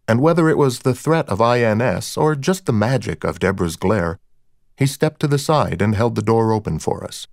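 A man narrating a first-person audiobook in a measured, wry storytelling manner. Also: fairly low pitch, animated, vocal fry, no room sound, studio quality.

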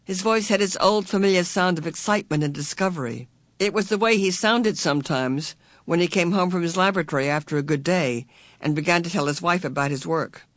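Measured audiobook narrator, dry sound. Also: mid-range voice, no room sound. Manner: measured, expressive storytelling. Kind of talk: scripted narration.

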